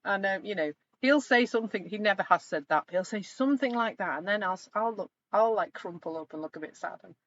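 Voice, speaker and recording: A woman's voice: mid-range voice, a little fast, hardly any pauses. Reflective middle-aged woman on a lo-fi call. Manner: reflective, gentle, animated when retelling stories. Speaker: coach. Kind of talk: live online session talk. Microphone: video call. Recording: slightly dull lo-fi sound with faint noise.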